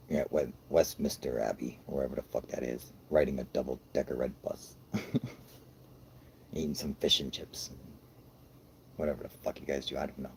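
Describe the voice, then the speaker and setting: A man's voice: a bass voice, vocal fry, warm tone. An American man with a scratchy voice hosting a livestream, joking around with heavy swearing and frequent laughter. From United States. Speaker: livestream host reading chat. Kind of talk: casual profane banter.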